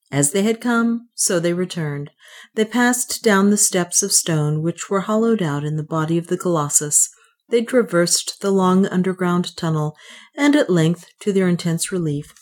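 Female audiobook narrator, lower register, measured and clear delivery. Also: a little mellow.

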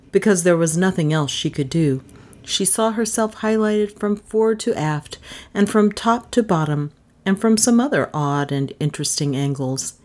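A woman reads a story aloud in a lowish voice that swings widely in pitch. Her delivery is slow and deliberate, with dry humor in the narration. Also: a little mellow.

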